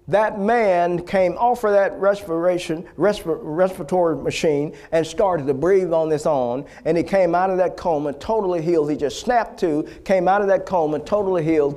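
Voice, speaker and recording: A man preaching a healing sermon, emphatic and rising to loud, repeated exhortations, with frequent restarts. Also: high voice. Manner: restarts and stammers between phrases.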